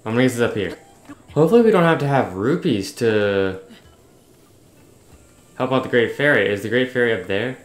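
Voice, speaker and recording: A man's voice: medium pitch, animated, brisk, long pauses, roomy sound. Chatty man narrating his gameplay. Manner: reads on-screen text aloud, chatty asides. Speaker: gaming YouTuber. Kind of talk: casual let's-play commentary.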